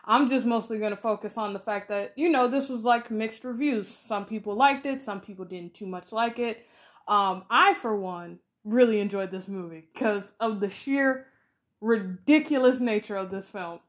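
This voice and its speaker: A woman in her twenties co-hosting a podcast, chatting casually through a film review with lots of fillers and lively retelling. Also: mid-range voice, normal speed. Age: 20s. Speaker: podcast co-host.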